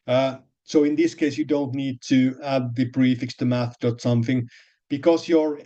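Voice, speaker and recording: A man's voice: medium pitch, fairly even intonation, normal speed, warm tone. Hesitant male lecturer, dull lo-fi sound. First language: Finnish. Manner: hesitant, many restarts and fillers, explains step by step. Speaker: programming lecturer. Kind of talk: recorded programming lesson.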